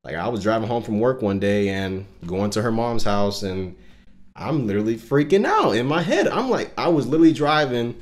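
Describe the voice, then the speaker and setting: A man's voice: expressive, moderate pace. A man telling a personal faith story on a casual podcast, earnest and emotional, with lots of fillers. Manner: rising pitch and loudness when recounting intense moments. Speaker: podcast co-host and Christian musician.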